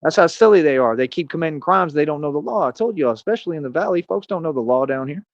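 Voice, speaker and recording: Man streamer, cocky and confrontational, street slang. Slightly high voice, dull lo-fi sound. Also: animated, quick pace, a little hiss or hum. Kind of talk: casual ranting monologue.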